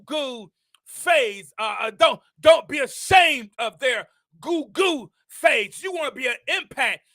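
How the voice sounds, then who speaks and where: An older man hosting a show, preaching a motivational message with impassioned repetition that rises into shouts. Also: extremely high pitch, no echo. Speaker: host.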